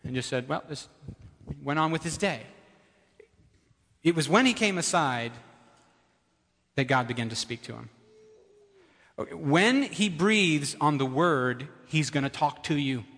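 A man's voice: on the high side, a bit bright, big-room sound. A male pastor preaching a sermon in a conversational way, repeating key phrases for emphasis and asking the audience questions.

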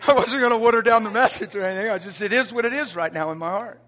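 High, bright-voiced preacher man. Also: racing. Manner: swings from quiet asides to loud emphatic preaching; folksy, joking, quotes everyday sayings. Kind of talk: sermon.

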